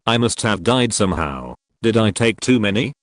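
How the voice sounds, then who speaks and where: Low-voiced man narrating a dark tale. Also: animated, dry recording, studio quality. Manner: low, measured, drops to a hushed tone for repeated refrains. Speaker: narrator reading a trip report. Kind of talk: scripted first-person narration.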